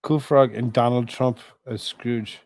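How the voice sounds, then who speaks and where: A man hosting a live stream, chatting casually with his viewers, rambling and halting, with many fillers and restarts. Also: mid-range voice, fairly even intonation, a little mellow, dry recording. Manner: talks to chat viewers between asides.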